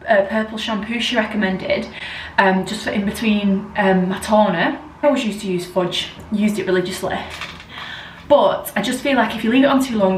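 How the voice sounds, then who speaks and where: A woman's voice: medium pitch, far from the mic, a little hiss or hum. Chatty woman, roomy and off-mic. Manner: chatty, rambling, lots of "like". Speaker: vlogger. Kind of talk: casual chat to camera. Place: at home indoors.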